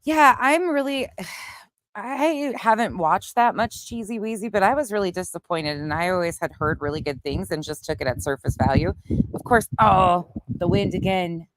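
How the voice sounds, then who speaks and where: A woman with a medium-pitched, expressive voice talks at a normal speed on a dry recording. She's hosting a casual livestream outdoors on a windy night, greeting viewers by their chat names and talking bluntly, with the occasional swear.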